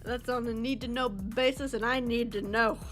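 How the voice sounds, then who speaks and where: A woman's voice: fairly high pitch, fairly even intonation, moderate pace, a bit bright, soft background music. A young woman streamer reading online stories aloud and chatting casually with her viewers. She is laid-back, swears freely and talks while eating snacks.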